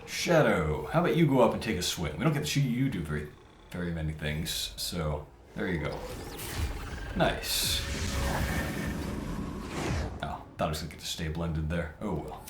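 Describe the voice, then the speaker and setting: With a deep, animated voice at a moderate pace and long pauses, a man gives casual let's-play commentary, thinking aloud and muttering over his tactics. The mic sounds roomy, with game music in the background.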